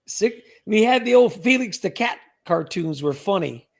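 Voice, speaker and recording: Jokey guy host rambling on a live stream, high voice, husky and gravelly. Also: expressive, moderate pace. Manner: jokey, rambling storyteller who reads out chat comments. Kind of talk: casual live stream chat.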